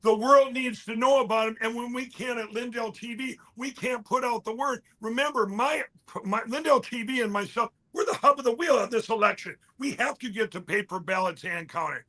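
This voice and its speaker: A man with a high voice tells a story as an interview guest. His tone is bright and forceful, and he rambles animatedly, breaking off to quote others and restarting his sentences. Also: moderate pace.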